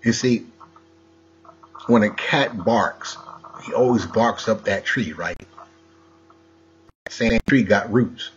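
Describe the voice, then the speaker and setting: A man's voice: lowish voice, takes it slowly, pauses often, dull audio, a little hiss or hum. A man delivering a rambling, preachy monologue full of wordplay and rhetorical questions.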